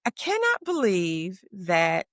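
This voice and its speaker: A woman co-hosting a podcast, chatting casually and animatedly, leaping up into high exclaiming tones. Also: huge pitch swings, slow pace, a bit bright, dry recording, studio quality. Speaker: podcast co-host. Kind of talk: casual chat.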